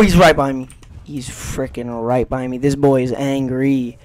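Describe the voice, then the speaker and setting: A gaming YouTuber giving let's play commentary, excitable and trash-talking the game, swinging between loud outbursts and hushed mutters. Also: mid-range voice, moderate pace. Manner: playful trash talk at the game.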